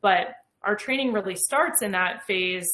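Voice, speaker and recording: Woman, 30s, bright and enthusiastic; explains clearly in an interview, echoey room. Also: medium pitch, measured pace. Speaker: astronaut guest. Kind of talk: conversational interview.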